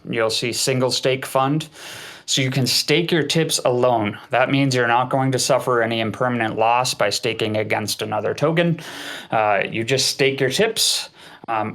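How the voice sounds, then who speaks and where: A man at a middle pitch hosts an online community call. He explains things patiently and chattily, walking listeners through each step in a relaxed, conversational flow. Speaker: community host. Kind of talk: casual community voice chat. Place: online voice chat.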